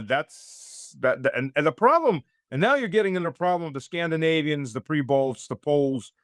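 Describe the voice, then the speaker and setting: A man's voice: medium pitch, no echo, studio quality. A middle-aged man from the United States giving blunt, sardonic commentary as an interview guest, with many hesitant fillers.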